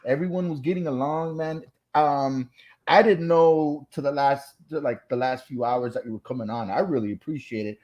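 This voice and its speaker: A man's voice: medium pitch, normal speed, a little mellow, lo-fi sound. A man hosting a live online show, laid-back and chatty, agreeing often as he talks with his guest and reads out viewers' comments. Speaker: host. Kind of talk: live stream chat.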